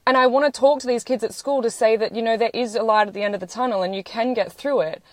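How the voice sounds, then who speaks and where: A woman in her thirties, nearly in tears, rushes through an earnest, swear-filled monologue on her social media live stream. Her voice sits on the high side with a darkish tone, and the phone captures it dry and close.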